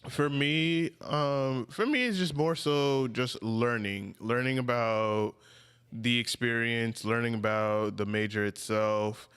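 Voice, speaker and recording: A man's voice: mid-range voice, fairly even intonation, slow, fairly bright tone, clean tone. A man co-hosting a casual gamer podcast, talking in a laid-back, slangy way.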